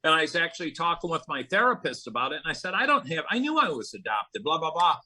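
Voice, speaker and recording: Man, middle-aged, interview guest, earnest storyteller, bright tone. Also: fairly high pitch, very animated, rough recording. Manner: earnest, storytelling, quick bursts of emphasis. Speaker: guest, recovery advocate and speaker. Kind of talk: conversational interview.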